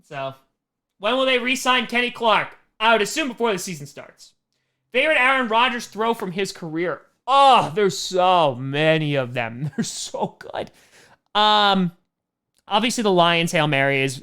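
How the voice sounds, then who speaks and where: A man running a casual livestream Q&A as a comedian, reading questions off the screen and firing back joking answers. His voice is bright and forceful, with a loose, self-mocking manner that often trails into a laugh. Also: high voice, expressive. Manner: reads fan questions aloud and answers with quick jokes. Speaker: comedian hosting a fan Q&A stream.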